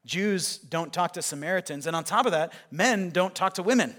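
A man's voice: high-pitched, animated, normal speed, fairly bright tone. A male pastor preaching a sermon, retelling a scripture story in a conversational way.

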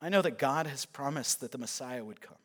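A man's voice: medium pitch, fairly quick, fairly bright tone, pitched below the performer's own voice, natural voice. A man preaching a sermon voices a tired, outcast Samaritan woman who pleads and then speaks earnestly.

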